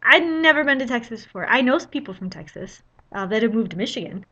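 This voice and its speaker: A young woman vlogger tells a travel story casually and chattily, sprinkling in lots of "you know" fillers. Her voice is a little high, expressive and a bit bright, and she talks fast; the recording has its highs cut off.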